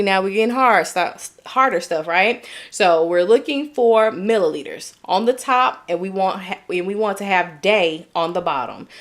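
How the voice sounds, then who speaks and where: A young woman with a Southern US accent, tutoring nursing students on a live stream, chatty and upbeat, reading chat comments and checking in with "okay?". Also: medium pitch. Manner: upbeat, chatty, drawn-out explaining with frequent "okay?".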